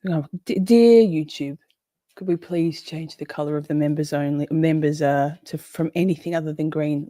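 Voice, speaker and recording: Woman, 40s, livestream host: loose, chatty, swears freely, lower-pitched voice, dry close sound. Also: moderate pace, dark tone, no echo. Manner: chatty, swears, greets viewers by name. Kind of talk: casual livestream chat.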